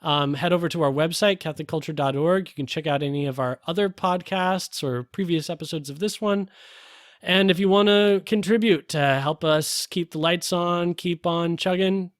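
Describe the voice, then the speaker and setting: A man's voice: a little high, moderate pace, no echo, studio quality. A man co-hosting a film review podcast in casual chat, hesitant with many fillers and restarts. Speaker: podcast co-host.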